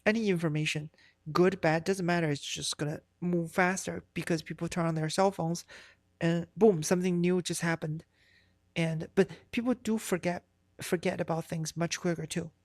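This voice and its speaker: A woman's voice: on the low side, fairly even intonation, moderate pace, no room sound, clean studio sound. A woman streamer chatting casually on a live stream, rambling and swearing, with many fillers and restarts.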